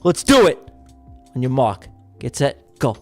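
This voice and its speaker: A man hosting a livestream giveaway, calling a mock race in a joking, excitable way that bursts into shouts. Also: mid-range voice, measured pace, faint music behind. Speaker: livestream host running a giveaway. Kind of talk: mock race-caller commentary.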